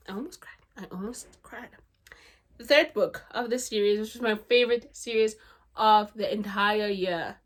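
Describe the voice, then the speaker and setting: A woman's voice: medium pitch, fairly bright tone. Gushing woman reviewing books. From South Africa. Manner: gushing, chatty, lots of "like" and "legit". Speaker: book vlogger. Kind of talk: casual book review vlog.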